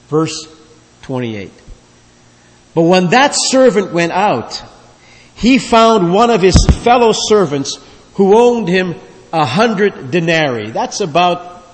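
A man preaching a sermon as pastor, emphatic, with his voice swelling and dropping. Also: a little high. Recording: long reverb of a large hall.

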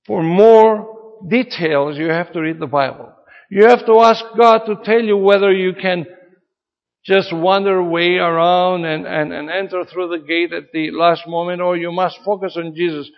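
A man's voice: high-pitched, fairly even intonation, moderate pace. A man preaching a sermon in an earnest, emphatic way, his delivery rising and falling for emphasis. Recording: dull reverberant hall sound.

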